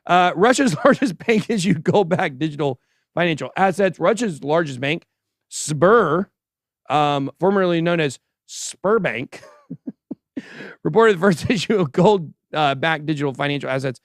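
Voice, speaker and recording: A man hosting a casual livestream crypto show, giving animated and sarcastic commentary as he chats with a co-host and the live chat. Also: a little high, unhurried, no room sound, clean studio sound. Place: show studio stage.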